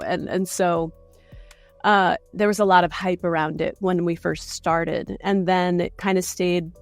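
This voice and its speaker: A woman, a voice actor guest, talking in a relaxed, thoughtful way on a podcast. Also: lowish voice. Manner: relaxed, thoughtful, reacts with short exclamations. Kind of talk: casual interview chat.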